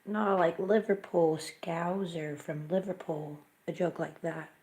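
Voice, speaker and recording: A woman's voice: fairly low pitch, steady tone, slow, warm tone. A woman hosting a live stream, chatting in a blunt, offhand way. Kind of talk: casual chat.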